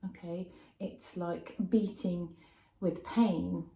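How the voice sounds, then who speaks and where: A woman's voice: lowish voice, little pitch movement, takes it slowly, dark tone. A young woman teaching a vocabulary lesson, explaining patiently and checking in with "okay?". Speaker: English teacher. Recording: roomy echo.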